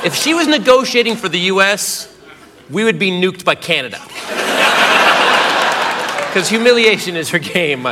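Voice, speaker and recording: Animated high-voiced male stand-up comic. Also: normal speed, pauses often. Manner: animated storytelling with acted-out shouts. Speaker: stand-up comedian. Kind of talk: stand-up comedy routine. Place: comedy club stage before a laughing crowd. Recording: loud crowd laughter and noise.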